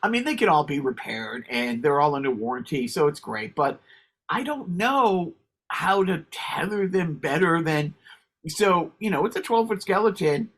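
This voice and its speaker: A man's voice: on the high side, sing-song, moderate pace, fairly bright tone. A man co-hosting a podcast, rambling through casual stories and laughing as he talks. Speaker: podcast co-host. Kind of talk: casual chat.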